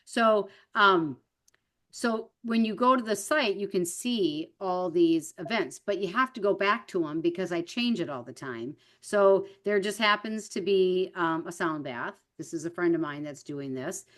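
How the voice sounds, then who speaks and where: Encouraging lower-voiced woman on a video call. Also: a little slow, fairly bright tone. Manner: encouraging, talks through events, repeats "right?". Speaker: direct sales mentor. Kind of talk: zoom class teaching.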